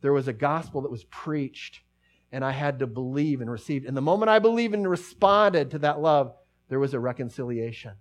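Middle-aged male pastor, mid-pitched, chatty sermon delivery that wanders and falls quiet to stress a point. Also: normal speed. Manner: conversational, rambling with many restarts, drops to a hush for emphasis.

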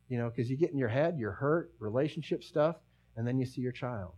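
Middle-aged male pastor, mid-pitched, chatty sermon delivery that wanders and falls quiet to stress a point. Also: brisk, lo-fi sound. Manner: conversational, rambling with many restarts, drops to a hush for emphasis.

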